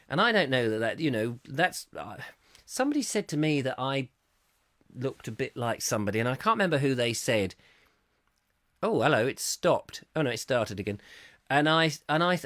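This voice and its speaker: A man's voice: mid-range voice, lively intonation, moderate pace, fairly bright tone, no echo, clean studio sound. A middle-aged man hosting a live chat show, telling rambling anecdotes with digressions and restarts. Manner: chatty, digressive, with many fillers and restarts. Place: home studio, live stream.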